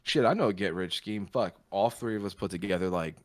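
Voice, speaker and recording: Very deep-voiced profane ranting man. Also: fairly quick, no room sound. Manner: profane, ranting, acts out quoted people. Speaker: podcast co-host. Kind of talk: casual chat.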